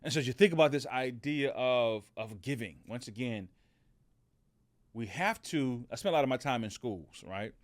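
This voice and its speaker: A man's voice: mid-range voice, expressive, normal speed, no room sound. A middle-aged man hosting a motivational podcast, telling a story in a casual way with many fillers and restarts. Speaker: podcast host.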